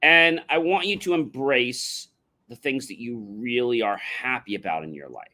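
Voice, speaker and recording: A man's voice: medium pitch, animated, moderate pace, pushed and bright. A man giving a motivational livestream talk, addressing the audience directly and emphatically, sometimes chanting catchphrases. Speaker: motivational speaker.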